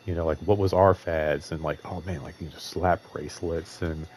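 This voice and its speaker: A man's voice: deep voice, steady tone, normal speed, a little mellow, a little hiss or hum, poor audio. A man in his thirties hosting his own show, telling work stories in a rambling, profane monologue full of fillers. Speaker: show host.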